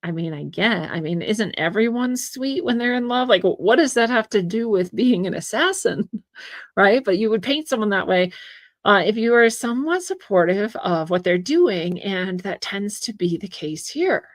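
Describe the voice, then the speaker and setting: A woman hosts her own commentary show, reading passages aloud and breaking off into chatty asides. Her voice sits in an ordinary middle pitch and the recording is dry and close, with no room around it. She laughs often between her points. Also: expressive, moderate pace, no room sound. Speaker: podcast host. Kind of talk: casual commentary, reading from articles.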